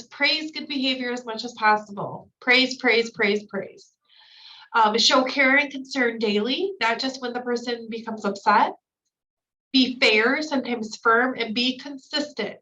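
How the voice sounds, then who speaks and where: Bright-voiced woman trainer, slightly distant. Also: a little high, moderate pace, lo-fi sound. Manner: explains slide by slide with fillers. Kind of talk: recorded training lecture.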